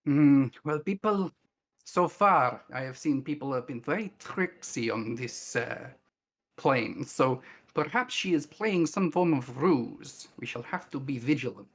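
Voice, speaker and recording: A man playing a big, protective male warrior who speaks slowly and formally in a tabletop game. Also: medium pitch, expressive. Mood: solemn. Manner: slow, formal, threatening.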